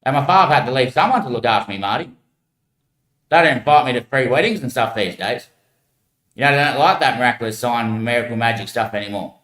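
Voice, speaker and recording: A man's voice: medium pitch, fast talker, fairly bright tone. A man rambling in a meandering, musing monologue full of slang. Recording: echoey room.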